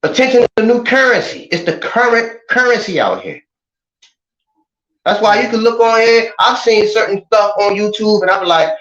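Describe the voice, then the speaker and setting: A man talking as a guest in a casual talk-show discussion, animated and streetwise, repeating words as he searches for them. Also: high-pitched, echoey room, highs cut off.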